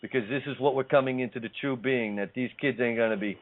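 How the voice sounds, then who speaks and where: A man's voice: mid-range voice, steady tone, quick pace. Emphatic man on a phone line. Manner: emphatic, repeats phrases, preachy. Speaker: host. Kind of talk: casual spiritual talk show. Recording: tinny phone-line sound.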